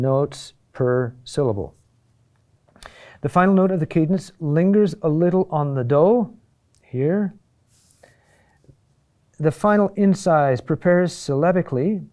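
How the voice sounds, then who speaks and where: A man teaches a chant lesson in a mellow, fairly high voice. He explains in short, halting phrases full of fillers and tossed-off asides, and now and then sings a phrase slowly.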